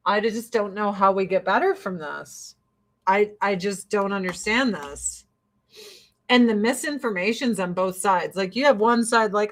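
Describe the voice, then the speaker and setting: A woman's voice: medium pitch, measured pace, a bit bright. A woman host ranting bluntly and with lots of profanity in a casual, exasperated opinion monologue.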